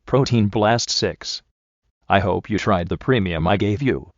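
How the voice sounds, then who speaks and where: A man voicing a smooth, menacing male motivational speaker who talks in a slow, persuasive, coaxing way. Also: on the low side, no echo, dull audio.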